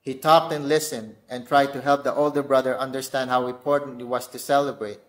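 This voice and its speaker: A man with a Filipino accent preaching a sermon as a guest pastor, earnest, slowing down to press pointed questions. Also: medium pitch, little pitch movement.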